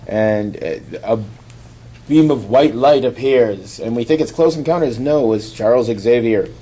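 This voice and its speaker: A man casually recapping a comic on a podcast, rambling and acting out the characters' lines in quick voices. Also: mid-range voice, dark tone. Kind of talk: casual chat.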